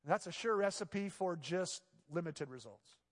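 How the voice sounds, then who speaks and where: Pastor preaching in a reverberant sanctuary. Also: male voice, sits high, expressive, moderate pace. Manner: swings between hushed, intimate passages and loud, emphatic exclamations. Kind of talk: sermon. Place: church sanctuary. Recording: long reverb of a large church hall.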